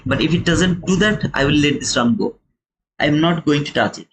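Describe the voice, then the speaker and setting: A man's voice: fairly high pitch, moderate pace, fairly bright tone, low-quality recording. Man with a non-native accent explaining charts. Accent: non-native English accent. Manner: chatty, addresses viewers as brother; explains chart step by step, repeats key points. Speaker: day-trading streamer. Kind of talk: live trading commentary.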